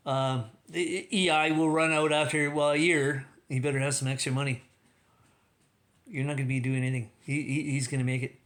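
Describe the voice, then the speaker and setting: A man's voice: on the high side, fairly even intonation, fairly quick, a bit bright. A man hosting a livestream, talking in a rambling, casual way with many restarts and laughing at his own jokes. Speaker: livestream host.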